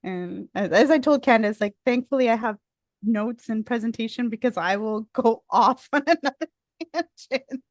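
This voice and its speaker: A woman from India speaking in a talkative, expressive way. She is a guest speaker in a discussion and drifts into tangents. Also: a little high, normal speed, dry recording. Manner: talkative, expressive, easily sidetracked. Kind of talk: casual discussion.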